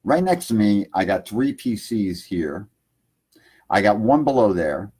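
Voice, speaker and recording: Low, husky rambling man. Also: sing-song, a little slow, darkish tone. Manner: rambling, loose, fills lines with "man". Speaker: internet radio host. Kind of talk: casual livestream chat. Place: home computer setup.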